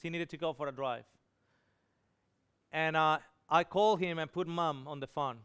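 Man, sermon testimony, high voice, emotional storytelling. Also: moderate pace, fairly bright tone, smooth. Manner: emotional storytelling, voicing quoted dialogue. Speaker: preacher.

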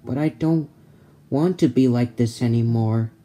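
Casting: man as a determined young spider-hero boy, slow, even, everyday voice, plush toy show. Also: mid-range voice, over music, close to an everyday voice. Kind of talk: plush toy play-acting.

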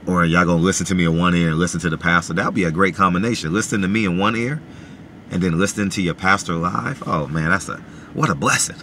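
A man vlogging casually from his parked car, animated and full of filler phrases like "you know what I mean". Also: deep voice, a little hiss or hum. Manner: animated, many filler phrases, repeats himself. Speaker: boxing vlogger. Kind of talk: casual talk to camera.

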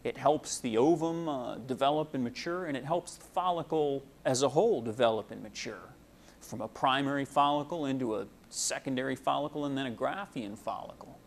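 A man's voice: mid-range voice, a little fast, a little hiss or hum. Young man explaining casually. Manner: casual, uses homely analogies, frequent "uh". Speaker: medical student presenter. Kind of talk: explanatory lecture.

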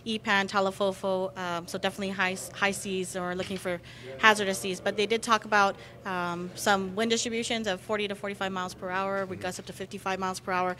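A woman giving a public safety briefing on a live news show, brisk and advisory. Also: medium pitch, level tone, sharp tone.

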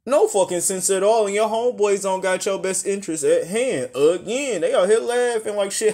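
Husky man ranting, exasperated and profane. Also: sits high, normal speed, few pauses. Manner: loud, exasperated, heavy cursing. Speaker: reaction commentator. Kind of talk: profane comedic rant.

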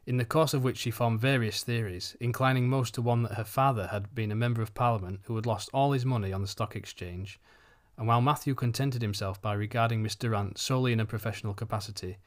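Man reading an audiobook aloud. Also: mid-range voice. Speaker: audiobook reader. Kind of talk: storybook narration.

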